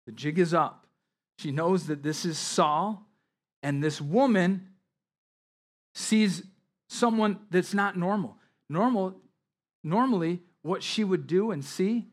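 Guy preaching a sermon, slightly higher voice, reads the verses then breaks in to explain, pushes hard on key words. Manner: reads scripture aloud then explains it with emphatic asides. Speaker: pastor.

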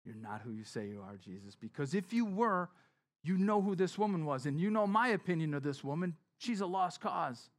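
A man's voice: a little high, lively intonation, moderate pace, close to an everyday voice. A male preacher voicing a smug, scornful religious leader who gloats and dismisses. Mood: gloating.

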